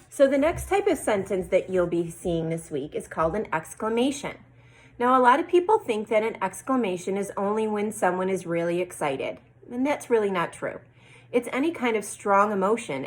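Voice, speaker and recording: Lady teacher walking little kids through a grammar lesson, reads examples out slow. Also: mid-range voice, rough recording. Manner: slow, drawn-out reading of example sentences. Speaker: first grade teacher. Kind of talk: teaching a lesson to young children.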